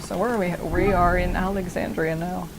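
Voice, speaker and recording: A woman's voice: lowish voice, steady tone, brisk. Chatty woman streamer over game noise. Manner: enthusiastic, chatty, talks to chat. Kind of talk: casual game commentary.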